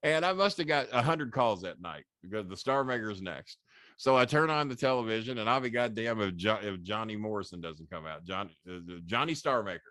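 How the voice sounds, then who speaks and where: A man's voice: on the low side, brisk, dry recording. Older man telling profane stories, dry. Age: 60s. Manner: profane, animated anecdotes with laughs. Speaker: guest, former wrestling manager. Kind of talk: storytelling interview.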